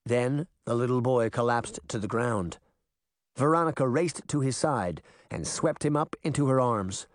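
A man narrating a storybook chapter in a lively, expressive reading. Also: medium pitch, a little slow, dry recording, studio quality. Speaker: audiobook narrator. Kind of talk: scripted narration.

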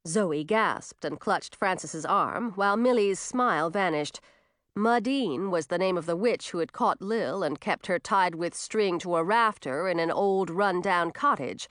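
A woman narrating a storybook in an expressive, animated way. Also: mid-range voice, no room sound, clean studio sound.

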